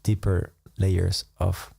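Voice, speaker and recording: Low gravelly guy, slow musing meditation talk, little laughs. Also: flat delivery, dry recording. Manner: unhurried, musing, laughs softly between thoughts. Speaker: meditation teacher. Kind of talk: reflective live-stream talk.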